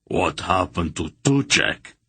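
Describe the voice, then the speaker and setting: Burly blunt warrior, read by a man, low and husky, storybook narration. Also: a little slow, fairly bright tone, no room sound, exaggerated voice. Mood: winded. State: out of breath.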